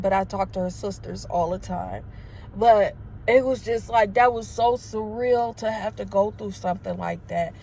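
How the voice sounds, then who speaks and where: A woman's voice: mid-range voice, a little mellow, a little hiss or hum. A woman in her thirties telling a personal story to her viewers in a casual, emotional way. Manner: emotional, conversational, addresses viewers as y'all. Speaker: vlogger. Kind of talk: storytelling to camera.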